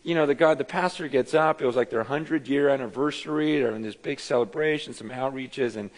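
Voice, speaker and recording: A middle-aged man pastor preaching a conversational, animated sermon, telling stories with self-deprecating asides. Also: medium pitch, brisk. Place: church sanctuary. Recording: reverberant church hall.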